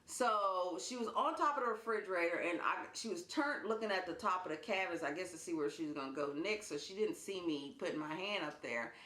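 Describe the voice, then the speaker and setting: A woman vlogger telling a personal story in a casual, animated way, laughing as she goes. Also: lowish voice, fairly quick, few pauses. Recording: roomy indoor echo.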